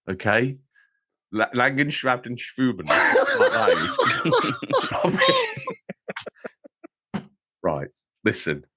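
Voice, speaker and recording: A man co-hosting a gaming podcast, bantering in a jokey, animated way and laughing at himself. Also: medium pitch, a little hiss or hum. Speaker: podcast co-host. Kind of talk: casual banter.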